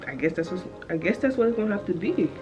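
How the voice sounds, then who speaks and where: A woman's voice: lowish voice, expressive, fast talker, music in the background, low-quality recording. A young woman in her twenties chatting casually to the camera, telling a story as a rant and laughing often. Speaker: vlogger. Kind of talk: casual vlog chat.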